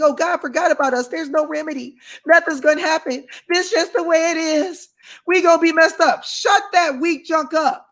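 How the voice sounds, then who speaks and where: Fiery high-voiced preacher man. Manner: fiery, shouting, reads scripture aloud. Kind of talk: impassioned preaching.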